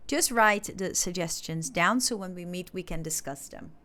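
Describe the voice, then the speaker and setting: A woman's voice: on the low side, moderate pace, sharp tone. A woman with an Indonesian accent, patiently teaching an English class step by step, with frequent filler sounds as she explains. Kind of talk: classroom instruction.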